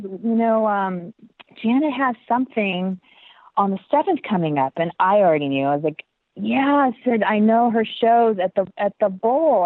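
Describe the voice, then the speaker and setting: A woman dancer telling a story in an interview, animated, acting out the voices she quotes and laughing often. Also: medium pitch, no room sound. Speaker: guest dancer. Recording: tinny phone-like line, dry.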